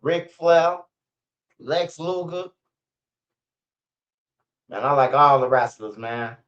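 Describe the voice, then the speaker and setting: A man's voice: on the high side, slow, a bit bright, muffled recording. A man hosting a casual news livestream, rambling and profane with stammering restarts. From Chicago, USA. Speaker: street news livestream host.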